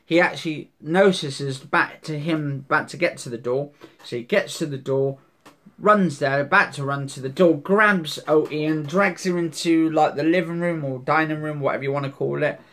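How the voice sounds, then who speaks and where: A man's voice: on the high side, moderate pace, a bit bright. A man rambling through a casual recap of a soap episode, repeating himself and swearing now and then.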